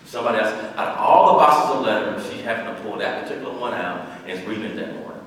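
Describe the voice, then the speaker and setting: Man, 50s, low register, earnest speech-giver telling his life story, heard far off in a reverberant hall. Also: fast, hardly any pauses, fairly bright tone. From Dallas, Texas. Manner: earnest, repeats phrases for emphasis. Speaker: former police chief giving a speech. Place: large hall, speaking to an audience.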